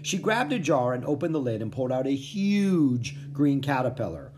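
An expressive reader narrating a children's storybook aloud in first person. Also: medium pitch, moderate pace, a little hiss or hum. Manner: expressive, animated. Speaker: audiobook narrator.

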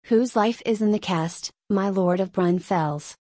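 A calm and ironic king, voiced by a woman reading the story aloud, speaks in a slow, measured, deliberate way. His voice sits at an ordinary middle pitch. The sound is dry, with no room around it. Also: no echo, close to an everyday voice. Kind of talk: audiobook reading.

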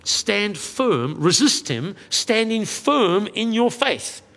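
Male pastor with a high voice, earnest and conversational, mid-sermon in an echoing church hall. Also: very animated, fairly bright tone. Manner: earnest, conversational preaching with quick asides.

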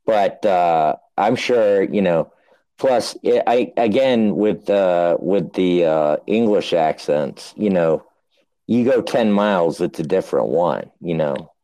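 A man's voice: low-pitched, slow pace, dark tone. An American man co-hosting a podcast, self-mocking and swearing, just woken up. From United States. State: just woke up. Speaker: podcast co-host. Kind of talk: casual banter.

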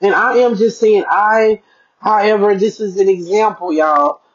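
Chatty mom vlogger, dull lo-fi sound. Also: female voice, medium pitch, measured pace. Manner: chatty, talks straight to viewers, keeps checking in. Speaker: parenting vlogger. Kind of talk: casual budgeting vlog.

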